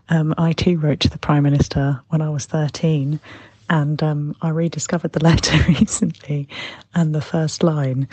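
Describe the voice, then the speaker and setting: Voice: medium pitch, darkish tone, slightly rough, no echo. A caller in their twenties leaving a rambling, self-mocking voicemail with frequent giggles. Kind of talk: voicemail to a podcast.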